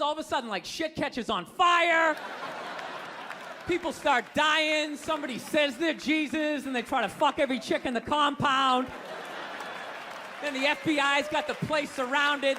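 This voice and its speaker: On a comedy club stage, a Boston-accented man in his fifties delivers a stand-up set in a very high voice, ranting with animated incredulity and acting out voices. The live recording catches audience noise and laughter.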